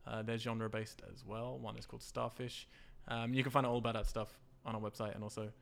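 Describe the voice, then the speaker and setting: A man hosting a casual podcast chat, relaxed and laughing often, with many fillers. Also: medium pitch, quick pace, gravelly. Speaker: podcast host.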